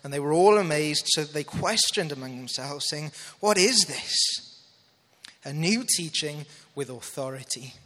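A man's voice: a little high, moderate pace, hardly any pauses, fairly bright tone, in a large hall. A man preaching a sermon in an earnest manner, checking that listeners follow and reading scripture aloud. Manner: earnest, asks audience to follow along.

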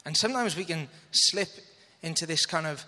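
A man's voice: on the high side, animated, normal speed, sharp tone, big-room sound. A man preaching a sermon in an earnest manner, checking that listeners follow and reading scripture aloud. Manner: earnest, asks audience to follow along.

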